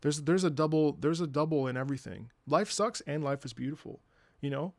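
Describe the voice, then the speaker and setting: Guy streaming and just rambling, kinda high and gravelly, swears a lot, dry close mic. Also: brisk, dry recording. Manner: rambling, repeats words, swears, bursts into laughter. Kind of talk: casual rambling stream chat.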